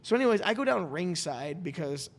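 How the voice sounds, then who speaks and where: A man hosting a podcast, telling a story in a rambling, animated way and acting out what people said. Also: sits high, brisk. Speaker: podcast host. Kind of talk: casual storytelling chat. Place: studio.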